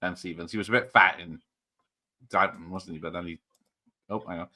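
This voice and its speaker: Man, watch party host, casual banter, rambling jokes, low bright voice, call mic. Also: steady tone, fairly quick. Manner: joking, rambling, laughs often. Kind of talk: casual chat over a film.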